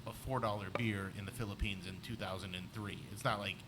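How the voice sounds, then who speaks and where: A man's voice: lowish voice, steady tone, fast talker, fairly bright tone. A man, a comedian co-hosting a podcast, telling a rambling story in casual chat with lots of "like". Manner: rambling anecdotes full of "like".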